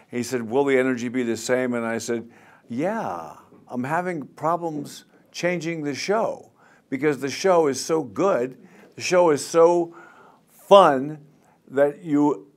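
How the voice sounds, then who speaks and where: A man in his seventies, a singer telling stories in a casual interview, rambling and animated, mimicking crowd chants. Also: a little high. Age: 70s.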